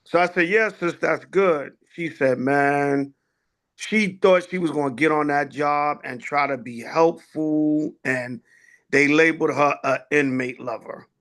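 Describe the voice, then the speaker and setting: A man's voice: on the high side, unhurried, fairly bright tone. A man, an elder leading a class, telling stories in a casual way with many fillers and voiced dialogue.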